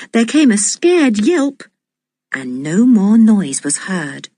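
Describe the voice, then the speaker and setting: Slow, expressive woman reading a storybook. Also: mid-range voice, dry recording, studio quality. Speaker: audiobook reader. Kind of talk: storybook narration.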